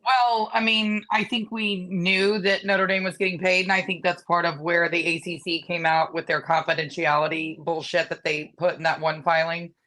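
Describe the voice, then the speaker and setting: A woman's voice: fairly low pitch, flat delivery, normal speed, few pauses, pushed and bright. A woman co-hosting a sports podcast, ranting bluntly and mocking rival teams in casual chat. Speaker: podcast co-host.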